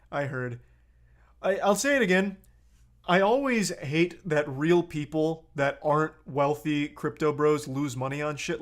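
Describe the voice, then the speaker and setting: A man reacting to a video on a live stream, blunt and profane, getting heated as he talks. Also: a little high.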